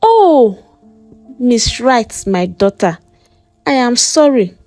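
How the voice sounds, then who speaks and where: A woman's voice: fairly high pitch, very animated, slow, darkish tone, dry recording, faint music behind. Sarcastic Nigerian church mother, voiced by a woman. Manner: mocking, sermon-like scolding. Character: stern churchgoing widowed mother, sarcastic, preachy.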